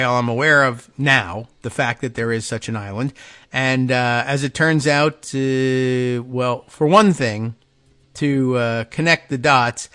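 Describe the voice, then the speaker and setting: A man's voice: mid-range voice, fairly bright tone. Rambling wry male talk show host. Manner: rambling and digressive, thinking aloud; wry and self-mocking. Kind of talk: casual monologue on a call-in talk show.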